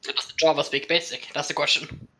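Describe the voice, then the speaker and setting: A man playing in an online tabletop role-playing game, describing his character in a measured way. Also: a little high, little pitch movement, sharp tone, rough recording. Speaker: player. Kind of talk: tabletop role-play chat.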